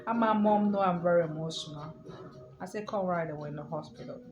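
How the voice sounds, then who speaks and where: A woman's voice: on the low side, brisk, roomy sound, dull audio, over music. A woman vlogger emotionally recounting a personal story, emphatic and defiant, often repeating herself. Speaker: vlogger telling her own story.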